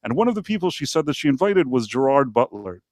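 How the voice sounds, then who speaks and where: A man's voice: medium pitch, sing-song, fast talker, darkish tone, dry recording, studio quality. A man hosting a live podcast, telling a long story in a rambling, casual way with many asides. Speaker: podcast host.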